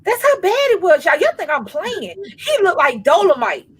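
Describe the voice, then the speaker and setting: A woman in her fifties, co-hosting a casual chat and telling an animated comic story in slangy, laughing talk. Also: very high-pitched, normal speed, poor audio. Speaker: co-host.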